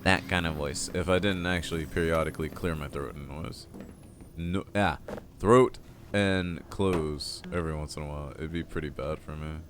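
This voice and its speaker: Man, deep voice, stuffy nose, chatty game streamer, game sounds clearly behind. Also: normal speed, noisy background. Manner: chatty, talks to chat, loud excited outbursts. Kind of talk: casual let's-play commentary.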